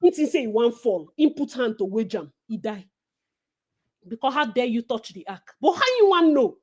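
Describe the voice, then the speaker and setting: A Nigerian woman co-hosting a casual gossip chat, animated and preachy, slipping into Pidgin. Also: a little high, moderate pace, husky. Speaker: co-host.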